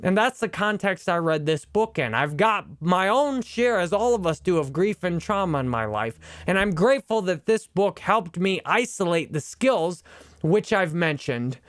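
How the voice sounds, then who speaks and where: A man's voice: high-pitched, expressive, normal speed, a bit bright, dry recording, clean studio sound. A man in his thirties, an online instructor, talking earnestly and openly about a book and his own life. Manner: earnest, personal, emotionally open. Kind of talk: reflective book review talk.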